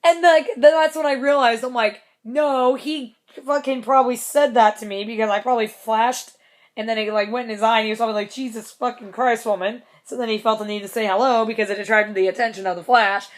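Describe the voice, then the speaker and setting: A woman's voice: fairly high pitch, steady tone, quick pace. A young woman casually telling a concert story in a vlog, chatty, laughing often, with plenty of swearing.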